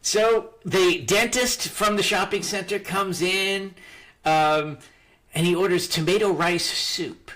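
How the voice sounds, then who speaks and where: A man's voice: sits high, takes it slowly, fairly bright tone. A man in casual chat telling a self-mocking story and laughing at himself.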